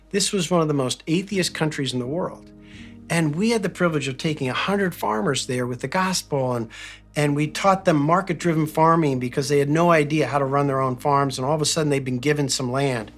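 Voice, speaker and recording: An American man hosting a faith-based talk, earnest and reflective, telling a personal story and slowing down to stress key phrases. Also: on the high side, soft background music. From United States. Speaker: podcast host.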